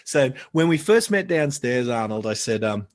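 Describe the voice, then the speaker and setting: A middle-aged man, a podcast guest, telling stories in a chatty, animated way and often repeating words as he gets excited. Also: medium pitch, moderate pace. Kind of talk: casual storytelling chat.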